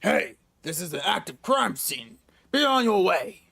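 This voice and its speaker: Dude doing a bossy cop yelling at people, loud and high, game voice. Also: male voice, very animated, a little slow, gravelly, slightly rough, exaggerated voice. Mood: barking. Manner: barking orders.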